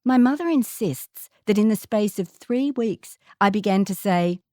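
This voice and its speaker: An older Australian woman reads a first-person story in a measured, reflective way. Her voice is mellow and dark-toned, and the recording is close and dry with no room sound. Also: medium pitch, expressive, no echo. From Northern England, raised in Queensland.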